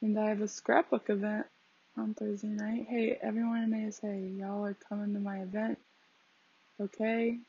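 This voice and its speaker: With a mid-range, level voice at normal speed, mellow and husky, a young woman hosts a casual podcast. She's a young adult who rambles chattily, uses many fillers and laughs at herself, captured in a dull lo-fi home recording.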